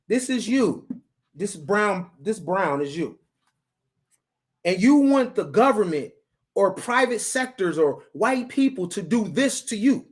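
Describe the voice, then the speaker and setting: A man's voice: high-pitched, sing-song, slow pace, long pauses. A man hosting a provocative commentary, talking bluntly and lecturing his viewers. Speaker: host.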